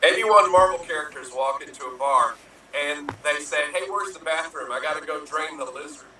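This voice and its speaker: This is a man telling quick improv jokes with a very bright, sharp voice. He is heard from far off in a very echoey room with faint noise behind him, and he laughs at his own setups. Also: fairly high pitch. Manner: playful, laughs at own jokes, acts out punchlines. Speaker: improv player. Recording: roomy echo from far off.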